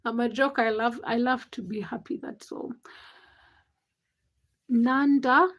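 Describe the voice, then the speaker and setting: High-voiced Ugandan woman livestreamer. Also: steady tone, slow pace, fairly bright tone. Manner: chatty, greets viewers by name, self-mocking. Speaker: livestream host. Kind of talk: casual livestream chat.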